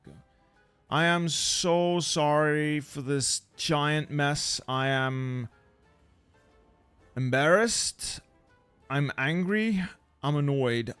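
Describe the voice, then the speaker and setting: A man's voice: fairly high pitch, fairly bright tone, clean tone, no room sound. A young man streaming a strategy game from home, grumbling at broken gear and swearing as he chats with viewers. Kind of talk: casual live-stream chat.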